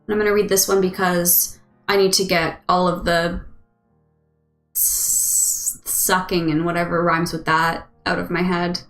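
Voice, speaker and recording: A woman's voice: lowish voice, level tone, unhurried, fairly bright tone, reverberant, soft background music. A woman host chatting casually with viewers on a live stream, rambling and giggly. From United States.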